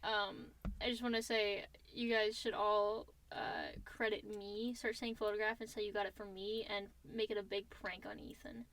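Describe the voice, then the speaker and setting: A woman's voice: mid-range voice, level tone, moderate pace, few pauses, a bit bright. A young adult woman co-hosting a podcast in casual chat, playful and rambling. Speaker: podcast co-host.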